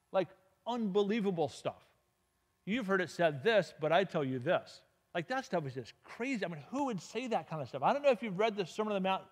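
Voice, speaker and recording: A man, somewhat high-voiced, addresses a church congregation as a guest speaker, spinning a humorous anecdote with lively energy. His voice rings out with the long reverb of a large church sanctuary. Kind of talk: storytelling talk to a congregation.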